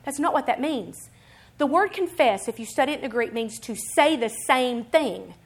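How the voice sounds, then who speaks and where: An animated woman preaching a sermon with a slightly high voice. She moves from quiet, plain teaching to loud, emphatic declarations. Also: normal speed, slightly rough. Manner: acts out other people's voices in quotes.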